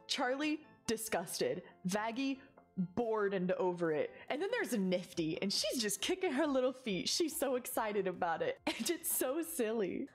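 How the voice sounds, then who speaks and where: A young woman hosting a VTuber reaction stream, chatting casually and exclaiming as she watches. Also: medium pitch. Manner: animated and chatty, quick exclamations.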